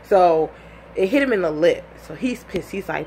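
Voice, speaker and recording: A young woman telling a personal story in a casual, animated way, full of "like" and acted-out quotes. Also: on the low side, moderate pace, slight background noise.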